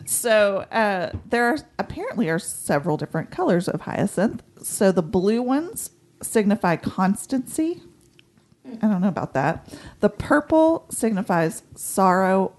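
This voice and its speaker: A woman's voice: medium pitch, lively intonation, moderate pace, darkish tone. A woman co-hosting a casual podcast, explaining word meanings in detail with a playful touch. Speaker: podcast co-host. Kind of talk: casual chat.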